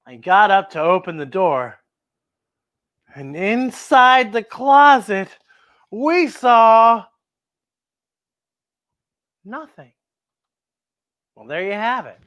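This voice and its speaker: Animated woman storyteller for kids. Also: medium pitch, extremely slow, pauses often. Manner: animated, expressive, exclaiming. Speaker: children's storyteller host. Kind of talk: reading a picture book aloud to kids.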